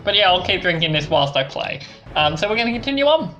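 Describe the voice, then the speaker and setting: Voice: medium pitch, sing-song, fast talker, a bit bright, dull audio, faint music behind. A let's play host casually chatting and joking while playing a game. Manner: chatty, rambling, self-mocking. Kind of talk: casual gameplay commentary.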